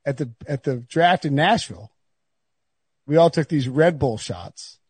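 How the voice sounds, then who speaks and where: A man's voice: a little high, animated, unhurried, darkish tone, husky, no room sound. A man hosting a sports podcast, bantering casually with friends and often laughing. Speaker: podcast host.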